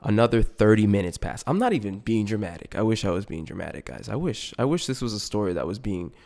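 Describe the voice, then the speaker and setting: A man hosting a podcast, telling a story in a profane, animated casual rant with frequent restarts and asides. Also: on the low side, fast, gravelly. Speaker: podcast host.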